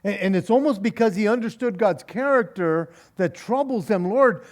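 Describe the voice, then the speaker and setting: A man's voice: high voice, normal speed, darkish tone. A male pastor giving a conversational Bible study. He reads scripture aloud, then explains it with wry sarcasm, chuckling and repeating words as he goes.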